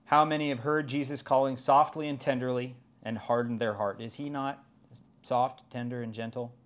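A man's voice: medium pitch, steady tone, normal speed. A middle-aged man preaching a sermon as pastor, earnest and rising to emphatic exclamations.

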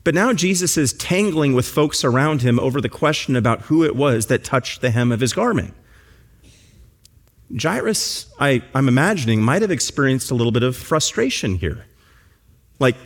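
A man's voice: mid-range voice, very animated, moderate pace. A pastor preaching a sermon in church, building his points through earnest, emphatic repetition.

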